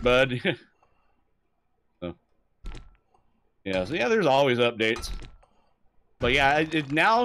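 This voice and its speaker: Man, young adult, live-stream chat, lively swearing storyteller, lively pitch, faint background noise. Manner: swears freely, animated storytelling, laughs often.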